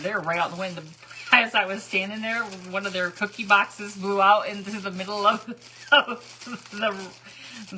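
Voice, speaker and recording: A middle-aged woman chats through a crafting live stream, greeting viewers by name between rambling stories. Her voice is bright and sharp, with a pitch that jumps around a lot. She laughs often as she talks. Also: slight background noise, poor audio. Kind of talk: chatty storytelling while dyeing eggs.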